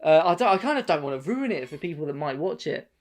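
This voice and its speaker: A man's voice: fairly high pitch, big pitch swings, fast talker. A man co-hosting a podcast, chatting casually, rambling with many restarts and swearing freely. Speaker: podcast co-host. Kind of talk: casual chat.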